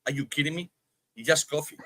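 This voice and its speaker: A man's voice: fairly high pitch, quick pace, fairly bright tone. A man co-hosting a podcast, bantering playfully with frequent swearing in casual chat. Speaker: podcast co-host. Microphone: remote streaming call.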